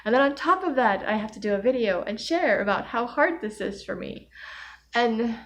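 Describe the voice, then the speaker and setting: A woman's voice: a little high, lively intonation, normal speed, fairly bright tone. A young woman recording a personal video diary, emotionally overwhelmed, rambling and self-deprecating with nervous laughs. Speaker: vlogger.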